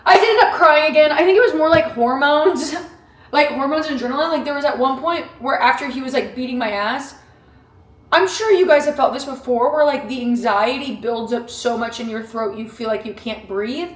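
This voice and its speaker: Profane, animated young woman vlogging. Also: sits high, normal speed. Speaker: vlogger training for a boxing match. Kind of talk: casual vlog talk to camera. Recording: echoey room.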